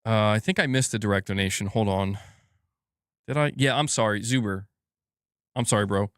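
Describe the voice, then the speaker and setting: A man's voice: fairly low pitch, moderate pace, smooth, no echo, clean studio sound. A man hosting a casual gaming news live stream, rambling and swearing as he reads viewer comments aloud.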